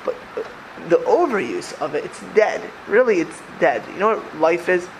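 Older man, high voice, religious teacher, chatty lecture, repeats himself, rhetorical questions. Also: sing-song, normal speed, a little hiss or hum, rough recording. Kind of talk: Torah class lecture.

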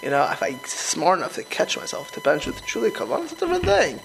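Animated high-voiced middle-aged man. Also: quick pace, vocal fry, background noise. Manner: animated, emphatic, with frequent restarts. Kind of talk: casual conversation.

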